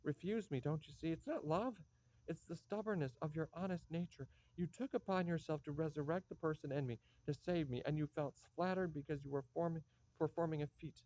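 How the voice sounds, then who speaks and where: A man's voice: on the high side, a little fast, dark tone, no room sound, natural voice. A man reading a bitter, despairing nobleman. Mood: urgent. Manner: bitter, ranting, self-mocking. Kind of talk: play reading. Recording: dull lo-fi dry recording.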